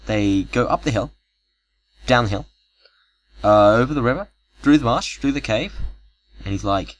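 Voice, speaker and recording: Young man, lowish voice, rambling improvised storytelling, profane asides, cheap home mic. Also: moderate pace, long pauses, low-quality recording. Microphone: cheap home microphone.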